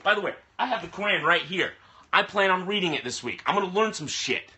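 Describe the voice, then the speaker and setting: A man vents into his camera in a live-stream rant, heavy with swearing and frustration. His voice sits a little high and sounds very bright and sharp. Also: expressive, brisk. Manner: profane, frustrated, ranting. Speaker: vlogger. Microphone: camera mic. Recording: phone or webcam live stream.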